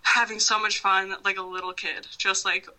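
A woman's voice: mid-range voice, level tone, moderate pace, bright, forceful tone, rough recording. A woman guest chatting casually on a podcast, swearing often and breaking into laughs as she rambles. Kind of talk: casual phone chat.

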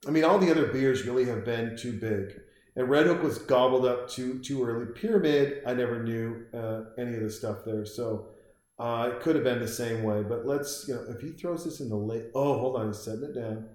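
A man casually commenting on a horror film as he watches it, rambling and excitable, talking to the characters on screen. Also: mid-range voice, fairly quick. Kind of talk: casual live film commentary while drinking beer. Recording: very echoey room.

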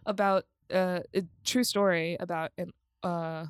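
A woman's voice: on the low side, steady tone, takes it slowly, clear, resonant tone, dry recording, clean studio sound. A woman co-hosting a podcast, recapping films in a rambling, casual chat, laughing often and swearing freely. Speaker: podcast co-host.

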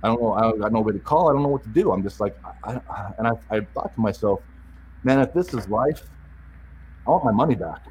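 Halting low-voiced man telling his story. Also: lively intonation, darkish tone, a little hiss or hum, poor audio. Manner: halting, repeats words, restarts often. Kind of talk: candid personal storytelling.

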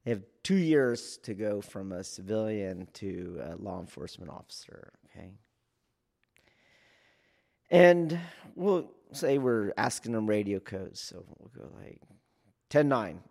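A man, a police academy instructor, explaining training in a casual teaching talk, checking in often with his listeners and acting out loud shouts. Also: fairly low pitch, lively intonation, moderate pace, gravelly. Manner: keeps checking in with "do you see?"; acts out trainees and yelling officers in sudden loud bursts.

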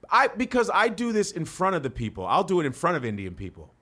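Brash, profane man, fairly high voice. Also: huge pitch swings, quick pace, sharp tone. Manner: brash, profane, talks over others. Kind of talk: casual comedic banter.

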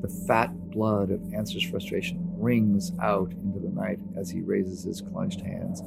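A man narrates a novel in a steady, dramatic audiobook reading. His voice is low and strongly gravelly, with clear music playing beneath. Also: a little slow.

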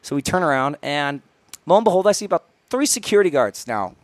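A man's voice: on the high side, big pitch swings, fast, dry recording. A young man, a podcast co-host, insistently telling a story to friends in casual chat. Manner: insistent, keeps retelling his story in order.

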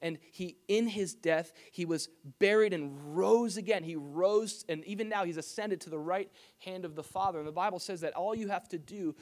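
A man's voice: high-pitched, moderate pace, few pauses. A man preaching a sermon to his church as pastor, in a conversational style that mixes personal stories with scripture.

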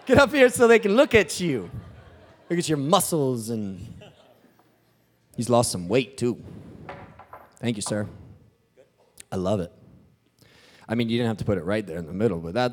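Animated, joking man preaching. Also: on the low side. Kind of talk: sermon.

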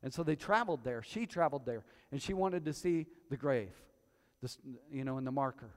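A male pastor preaching a sermon to his congregation, telling stories with quiet asides that build to loud, emphatic peaks. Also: medium pitch, animated, a little fast. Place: church hall before a congregation. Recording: long hall reverb.

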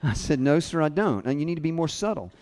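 With a slightly high voice and a fast pace, a man preaches a sermon built around a personal story, acting out the people in it with lively voices as he quotes them. A long hall reverb surrounds the recording.

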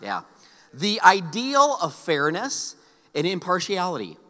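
A man's voice: high-pitched, huge pitch swings, unhurried, sharp tone. A middle-aged male pastor preaching a sermon, telling stories with joking asides to the congregation. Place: large church hall. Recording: long hall reverb.

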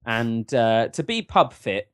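A man's voice: mid-range voice, big pitch swings, takes it slowly, a bit bright, smooth, no echo, clean studio sound. A man co-hosting a podcast, rambling and joking with lots of restarts. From England. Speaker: podcast co-host. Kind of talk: casual advice-show chat.

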